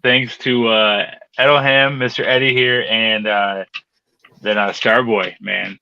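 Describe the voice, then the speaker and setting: A man's voice: fairly low pitch, fairly even intonation, slow, vocal fry, sharp tone, clear, resonant tone, no echo, highs cut off. A man co-hosting a live stream in a laid-back way, mostly giving short replies. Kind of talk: casual chat.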